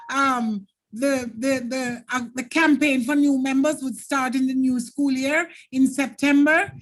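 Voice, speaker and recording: A woman's voice: high-pitched, steady tone, a little slow, few pauses. A Jamaican woman teacher running a live online exam-prep lesson, explaining patiently and thanking viewers by name.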